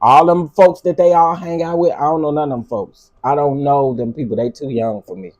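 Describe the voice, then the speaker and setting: Middle-aged male stream host, husky and a touch high, exasperated ranting commentary. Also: steady tone, a little fast, darkish tone, muffled recording. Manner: exasperated, ranting, talks back to chat. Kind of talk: casual live commentary.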